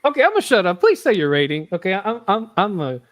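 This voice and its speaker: A man's voice: high-pitched, wildly swooping pitch, fast. A man hosting a casual podcast, rambling and joking with lots of swearing. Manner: rambling, profane and jokey. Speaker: podcast host.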